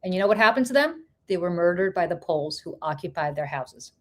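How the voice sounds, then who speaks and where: A woman's voice: lowish voice, animated, fast talker. A woman co-hosting a political podcast, ranting with passion, swearing and firing off rhetorical questions. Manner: impassioned, profane, rhetorical questions. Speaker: podcast co-host. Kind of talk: heated political commentary.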